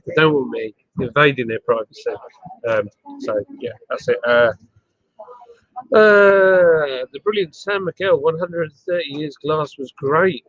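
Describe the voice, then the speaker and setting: A man's voice: mid-range voice, normal speed, a bit bright, no room sound, dull audio. A man hosting a casual live stream from a pub garden, playful and bantering as he reads out the chat. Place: outdoor pub garden, on a bench.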